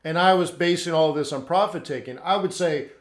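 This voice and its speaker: A man runs a live trading class, answering viewers' questions bluntly and hammering his points home. His voice sits fairly high. The sound is roomy and echoey. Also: brisk. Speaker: forex trading instructor.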